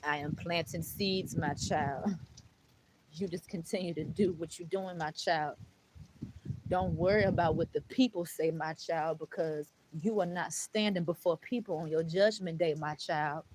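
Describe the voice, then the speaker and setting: A woman voicing God as a calm, fatherly presence who soothes and repeats "my child" after every phrase. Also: low voice, measured pace, noisy background. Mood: reassuring.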